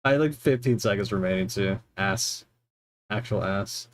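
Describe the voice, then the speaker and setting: A man's voice: lowish voice, moderate pace, a little hiss or hum. A man streaming a game, rambling and mocking himself as he mutters through settings and chats. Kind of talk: casual gaming livestream chatter. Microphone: desk mic with headphones monitoring.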